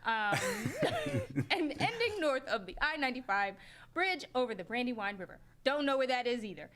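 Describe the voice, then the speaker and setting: A woman's voice: high voice, sing-song, normal speed, a bit bright, slight background noise. A woman co-hosting a local morning show in a studio, reading news updates in a playful, giggly way. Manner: playful, giggly, jokes about her news voice. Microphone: studio mic.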